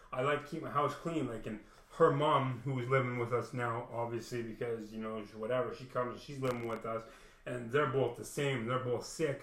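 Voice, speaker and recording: A man's voice: mid-range voice, fairly bright tone. A man telling a personal story in a rambling, profane way, often saying "man" and restarting his sentences. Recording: echoey room.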